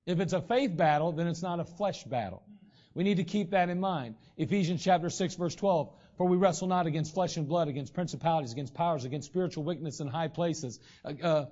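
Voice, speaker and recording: A man preaching a sermon as pastor, in a conversational way with frequent throat clearing. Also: a little high, a little fast, dark tone. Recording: dull lo-fi recording.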